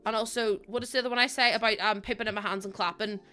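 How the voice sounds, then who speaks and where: A woman's voice: mid-range voice, fairly even intonation, very fast, bright, forceful tone, smooth. A woman with a Northern Irish accent, chatting casually to her viewers while building in a game, laughing often. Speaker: streamer.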